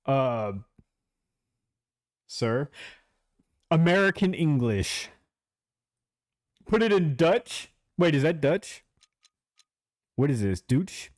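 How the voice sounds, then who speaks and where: A man's voice: fairly high pitch, sing-song, drawn-out words, pauses often, dry recording, studio quality. A man streaming a game live, chatting casually and talking straight to his chat, laughing easily.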